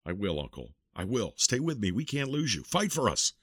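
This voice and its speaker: A man voicing an earnest young cavalry rider who speaks in a brisk, soldierly way. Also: lowish voice, very animated, fairly bright tone, husky, no room sound, studio quality, exaggerated voice.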